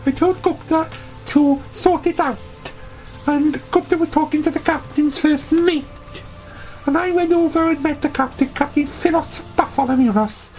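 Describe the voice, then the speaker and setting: A woman with a high voice spins a comic audio story in character. She sounds brash and boastful and rambles from one point to the next. Faint music plays quietly behind her. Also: moderate pace, low-quality recording.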